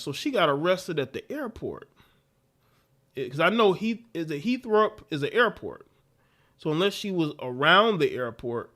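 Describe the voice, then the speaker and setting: A man's voice: on the high side, bright, forceful tone. A man hosting a live stream, talking in loose, repetitive slang. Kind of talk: casual commentary.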